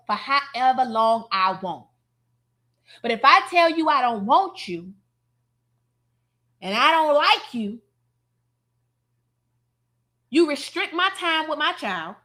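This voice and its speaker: A woman streamer giving sassy, mocking reaction commentary, heavy on slang and loud laughter. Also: sits high.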